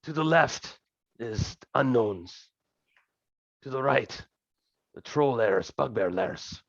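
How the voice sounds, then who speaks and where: Man doing a curt haughty warrior woman, raised pitch, tabletop game, dull lo-fi call audio. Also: lively intonation, slow, creaky, no room sound, heavily acted. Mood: hushed, wary. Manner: curt and commanding. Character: haughty commanding female warrior leader.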